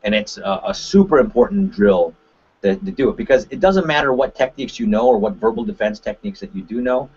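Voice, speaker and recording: A man from Korea, a martial arts instructor, giving an animated webinar talk on a call and tagging his points with "right?". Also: lowish voice, fairly quick, husky. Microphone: conference call line. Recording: dull lo-fi call audio.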